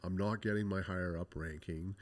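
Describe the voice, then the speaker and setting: A man's voice: low-pitched, brisk. A man, a guest graffiti artist, telling his life story in an interview, blunt and profane, acting out past conversations. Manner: blunt, profane, animated retelling with quoted dialogue.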